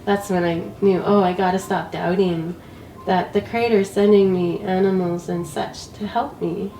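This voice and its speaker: A woman's voice: lowish voice, fairly even intonation, normal speed, warm tone, echoey room, far from the mic, slight background noise, poor audio. A woman who is sick with a cold, telling a casual story about her travels as an interview guest, laughing often.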